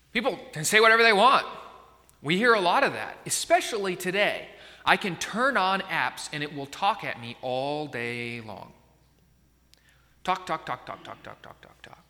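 Pastor guy giving a sermon, kinda high bright voice, keeps asking "right?", big echoey church sound. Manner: conversational, keeps checking in with the listeners.

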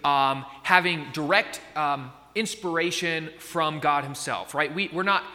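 A man's voice: a little high, unhurried, pushed and bright, big-room sound. A man preaching a sermon in a conversational way, often checking in with his listeners. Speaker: pastor.

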